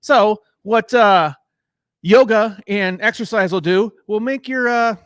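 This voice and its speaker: A man's voice: high-pitched, slow pace, a bit bright, smooth, no room sound, studio quality. A middle-aged man doing a crude, rambling stand-up set who laughs at his own jokes, on a mic in a small garage room. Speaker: stand-up comedian. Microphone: microphone in a garage.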